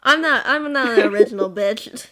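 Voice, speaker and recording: A woman's voice: on the high side, moderate pace, over a noisy crowd. A woman with an American accent in casual banter as a co-host, laughing often and swearing when she gets defensive.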